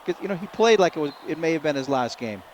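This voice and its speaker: A man giving folksy color commentary on a local high school basketball game, rambling and repeating words, with faint noise behind him. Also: animated, fast talker.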